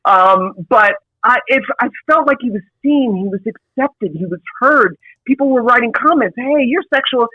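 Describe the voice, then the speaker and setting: A woman's voice: on the high side, lively intonation, normal speed, hardly any pauses, husky, no room sound, dull audio. A woman coach telling a personal story in a candid, confessional way, rambling with asides. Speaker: passion coach.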